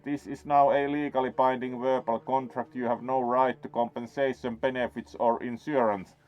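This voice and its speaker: Dude doing a greedy rich merchant, smug and condescending, average pitch, muffled lo-fi audio. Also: male voice, little pitch movement, normal speed, faint music behind, close to an everyday voice. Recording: dull lo-fi sound.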